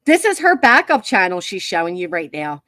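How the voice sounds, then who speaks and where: A woman's voice: fairly low pitch, big pitch swings, moderate pace, pushed and bright, dry recording, clean studio sound. A woman hosting a livestream commentary, mocking and exasperated, talking to her viewers and chat at a computer. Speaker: commentary channel host. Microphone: computer mic.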